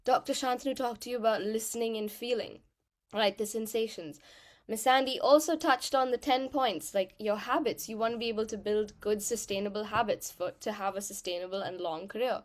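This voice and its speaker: A woman with a slightly high voice gives an animated workshop talk to a roomful of listeners. She is encouraging and hands-on, and keeps shifting her voice to show each point as she teaches. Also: a little fast. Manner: animated, encouraging, demonstrates vocal changes. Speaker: actor and singer giving a voice workshop talk. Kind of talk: lively workshop talk to a live audience. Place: room with a live audience.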